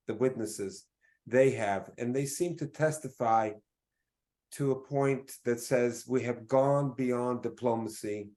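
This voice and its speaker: Measured man speaking at a press conference. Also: medium pitch, a little mellow. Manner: measured and deliberate, with frequent filler pauses. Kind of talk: formal press conference statement.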